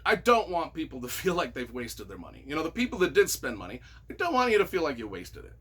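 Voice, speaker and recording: A man's voice: fairly high pitch, huge pitch swings, fast, fairly bright tone, breathy edge. A man, a novelist, giving casual, mock-earnest and playfully sarcastic commentary, often stumbling over his words. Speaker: novelist reading reviews of his own books.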